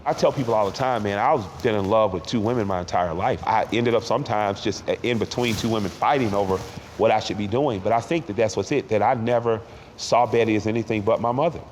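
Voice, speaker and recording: A man in his forties, a guest in an interview, speaking in a heartfelt way and sometimes tearful, pausing and repeating words when moved. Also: on the low side, a little mellow, big-room sound, a little hiss or hum. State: tearful at times. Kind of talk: emotional reflective interview talk.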